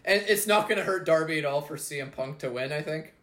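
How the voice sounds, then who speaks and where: A man chatting casually while watching wrestling, excited, swearing freely and laughing often. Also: on the high side, fast, roomy sound. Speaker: co-host watching a wrestling show.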